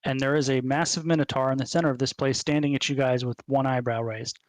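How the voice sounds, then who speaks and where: A man's voice: mid-range voice, fairly even intonation, fast, no room sound. A man narrating as game master in a casual way, with many ums and uhs.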